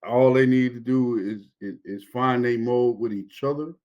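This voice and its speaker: A man's voice: mid-range voice, fairly even intonation, normal speed, darkish tone, dull audio. Easygoing man in casual football chat. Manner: easygoing, repetitive, laughing asides.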